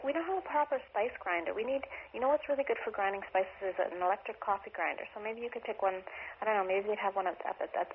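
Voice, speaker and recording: A woman leaving rambling voicemail messages, hesitant and full of ums and self-corrections. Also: mid-range voice. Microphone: telephone. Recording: tinny phone line with faint hiss.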